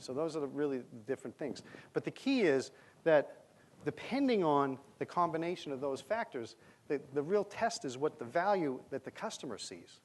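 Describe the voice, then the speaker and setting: Under bright lights on stage, this man delivers a conference presentation casually, using many fillers and a touch of humor. His voice is a little high, with a darkish tone.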